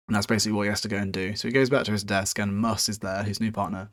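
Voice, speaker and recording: A man's voice: fairly low pitch, little pitch movement, fast, few pauses, fairly bright tone, no room sound, clean studio sound. A man hosting a podcast, recapping a book chapter in a loose, rambling, sweary way with many restarts. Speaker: podcast host.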